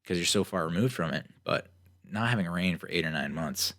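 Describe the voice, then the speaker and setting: A young man from New Jersey with a very deep voice tells stories on his solo podcast, casual, sarcastic and brisk. He stays animated and acts out mocking versions of people he met. The sound is dry and close, with no echo.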